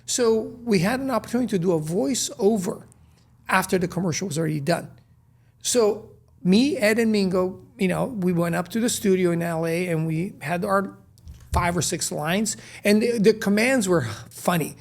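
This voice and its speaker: A man telling stories as an interview guest, lively and acting out the dialogue he recalls. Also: high voice, moderate pace, creaky. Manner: lively, acts out quoted dialogue. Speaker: guest, restaurant co-founder. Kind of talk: animated storytelling in conversation.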